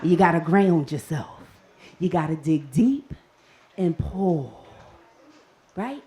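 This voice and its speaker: On stage before a live audience, a woman with a medium-pitched voice performs a comic story with animated flair. She acts out her own panicked voice as she tells it.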